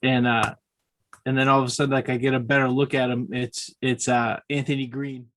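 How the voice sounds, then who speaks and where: A man's voice: medium pitch, little pitch movement, fairly quick, a bit bright. A man co-hosting a podcast, telling stories in a rambling, casual way with many restarts. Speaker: podcast co-host. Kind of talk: casual chat.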